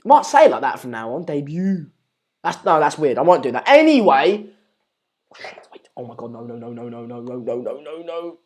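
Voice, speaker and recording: A man's voice: medium pitch, big pitch swings, brisk. A man with an English accent hosting a live stream, chatting casually and reading out viewer comments in a rambling, jokey, self-deprecating way. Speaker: livestream host.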